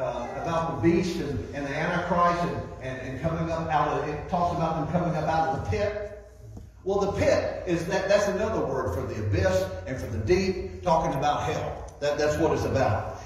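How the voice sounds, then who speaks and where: A man preaching a sermon as a guest speaker, folksy and repeating words as he builds his points. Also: on the high side. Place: church hall. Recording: echoey hall, distant mic, faint noise.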